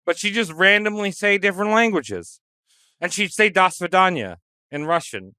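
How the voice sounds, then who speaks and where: A man co-hosting a comedy podcast, tossing in quick wisecracks and casual banter. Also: high-pitched, big pitch swings, sharp tone, clear, resonant tone, no room sound, clean studio sound. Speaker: podcast co-host.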